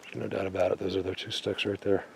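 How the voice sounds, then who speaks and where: Low voiced guy filming in the woods, excited, talking to viewers, noisy outdoor camera sound. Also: fast, gravelly. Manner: excited, talks to viewers, drops to a whisper at times. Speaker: vlogger. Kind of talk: outdoor exploring vlog. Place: outdoors in a forest.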